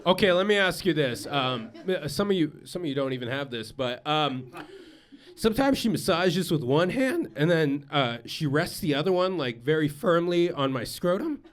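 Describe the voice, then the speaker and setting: A man's voice: a little high, animated, moderate pace. A man doing a stand-up comedy set on stage, rambling and self-deprecating, with lots of filler words. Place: comedy stage before a live audience. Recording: live stage mic with audience laughter.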